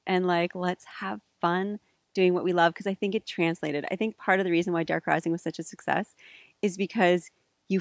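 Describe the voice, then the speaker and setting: A woman with a slightly low voice reminisces in a casual chat, animated and quick to laugh, with plenty of "like"s. Her voice is dry and close to the mic, with no room sound. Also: vocal fry, no echo. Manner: animated, laughs easily, says "like" often. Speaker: co-host, filmmaker.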